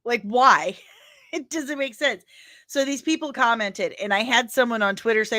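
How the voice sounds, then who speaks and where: Slow, bright-voiced St. Louis woman ranting. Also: on the high side, expressive. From St. Louis, Missouri. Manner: emphatic and exasperated, keeps tacking on "okay?". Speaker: host of a daily comics news show. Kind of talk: casual ranting commentary.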